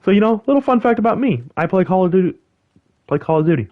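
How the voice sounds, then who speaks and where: A young man hosting a gaming channel, chatting casually over gameplay in a rambling, animated way, full of fillers and restarts. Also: high voice, quick pace, narrow, tinny audio.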